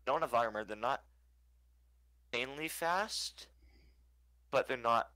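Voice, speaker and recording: Bright-voiced man teasing on voice chat. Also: medium pitch, unhurried, dry recording, low-quality recording. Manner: casual, teasing, enthusiastic about tanks. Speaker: fellow player on voice chat. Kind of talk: casual gaming chat.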